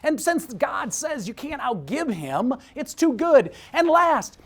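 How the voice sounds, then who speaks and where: A man giving an inspirational keynote talk as a motivational speaker, energetic and punchy, telling stories and repeating his key lines for emphasis. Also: extremely high pitch, slow.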